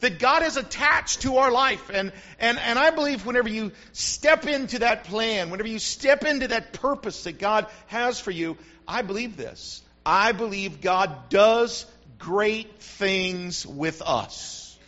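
A man's voice: high voice, a little slow. A man preaching a sermon to his congregation, telling stories with animation and often calling out "Amen?" to the room. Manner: animated storytelling, frequent call-outs to the congregation. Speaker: pastor. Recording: dull lo-fi recording.

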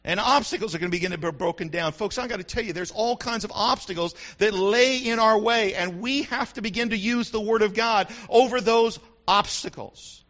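A man preaching a sermon to his congregation, animated and preacherly, acting out the voices he quotes. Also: high-pitched, a little fast, few pauses, muffled recording. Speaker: pastor. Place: church sanctuary with congregation.

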